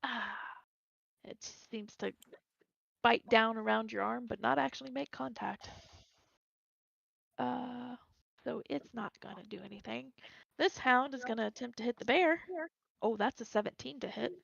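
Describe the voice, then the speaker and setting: A woman with a heavily gravelly, slightly high voice runs a tabletop game as game master. She talks in a loose, casual way and laughs often. The sound is dull and dry, a lo-fi recording with no room around it. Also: a little slow, pauses often, fairly bright tone, no room sound.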